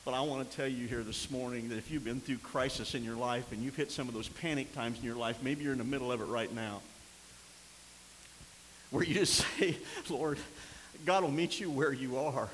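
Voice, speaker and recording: An older man preaching a sermon as pastor, swinging from impassioned near-shouts down to quiet, low storytelling. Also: moderate pace. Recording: long hall reverb with faint hiss.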